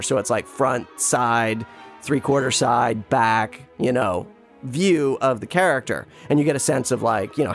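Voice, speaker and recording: A man chatting casually and telling an anecdote, rambling with restarts and jumping into quick impressions of other people. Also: on the high side. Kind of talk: casual storytelling chat.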